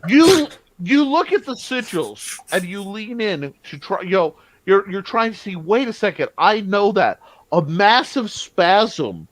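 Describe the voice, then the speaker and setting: A man running a tabletop game as game master, animated and laughing as he narrates. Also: sits high, no room sound. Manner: animated, laughing, jumps between narration and quick voices.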